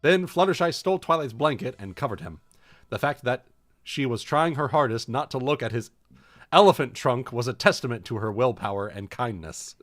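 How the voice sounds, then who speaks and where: Guy reading fan fiction on stream, lively swingy voice, keeps cracking up. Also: mid-range voice. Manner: amused, breaks into laughter, ad-libs. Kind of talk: livestream story reading.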